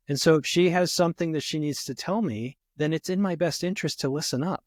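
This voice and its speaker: A man's voice: on the high side, fast talker, hardly any pauses, dry recording, studio quality. A man speaking as a guest therapist in a conversational podcast interview, reflective and full of "you know" fillers.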